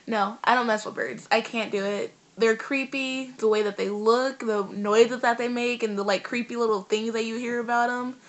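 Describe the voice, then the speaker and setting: A teenage girl, telling a story in a casual vlog in an animated, rambling way full of fillers. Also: a little high, normal speed, few pauses. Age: teens. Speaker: vlogger.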